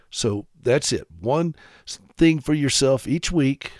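A man from South Carolina hosting a radio talk show, speaking straight to his listeners with sarcastic, animated humor. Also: medium pitch, a little slow, no room sound, clean studio sound. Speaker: radio host.

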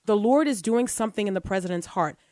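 A woman's voice: mid-range voice, animated, quick pace, warm tone, dry recording, studio quality. A woman from the United States, a guest on a Christian radio talk show, speaking in an earnest, preaching cadence.

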